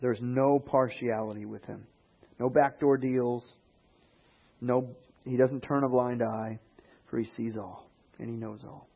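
In a somewhat dull, lo-fi recording, a man preaches with a slightly husky, medium-pitched voice. He's animated, a little slow, and pauses often, shifting into quoted voices and rising emphasis.

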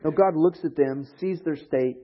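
A man with a slightly husky voice preaches a sermon, retelling a story with animated energy and slipping into the voices of its characters. The recording sounds dull and lo-fi. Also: a little high, moderate pace. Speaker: pastor.

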